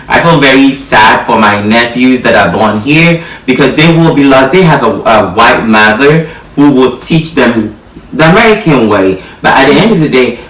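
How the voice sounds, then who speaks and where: A man's voice: medium pitch, fairly bright tone. A man moderating a group discussion, affirming the speakers often and passing the floor to each guest. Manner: frequent affirming interjections. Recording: echoey room, distant mic.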